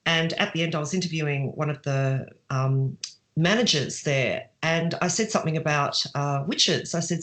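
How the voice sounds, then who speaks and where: A middle-aged woman author answers interview questions chattily in a low-pitched voice at a moderate pace. Her answers are full of fillers and restarts, and she laughs while telling stories.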